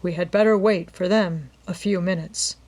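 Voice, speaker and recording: A woman voicing a calm, courteous middle-aged male lawyer with a polite, measured manner in a storybook reading. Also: lowish voice, close to an everyday voice.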